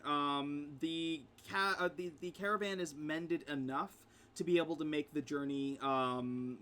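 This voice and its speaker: A man's voice: on the high side, pushed and bright. A man narrating as game master for a tabletop game, with frequent ums and easy laughter. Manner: laughs often, many ums.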